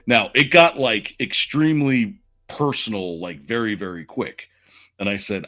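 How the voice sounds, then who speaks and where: A man in his forties with a low, lively voice tells a long story on a podcast. He rambles through asides in casual storytelling fashion. His pitch swings widely as he goes. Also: moderate pace. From Southern United States. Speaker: podcast co-host.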